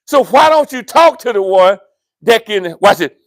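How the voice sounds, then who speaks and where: A male pastor, preaching a sermon in a church with animated, playful asides to the congregation. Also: high-pitched, normal speed, no echo, studio quality. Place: church sanctuary.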